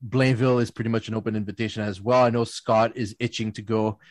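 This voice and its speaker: A man, hosting a podcast and telling lively anecdotes between laughs, often slipping into playful voices for other people. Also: lowish voice, fast talker, dry recording. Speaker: podcast host. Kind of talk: casual storytelling chat.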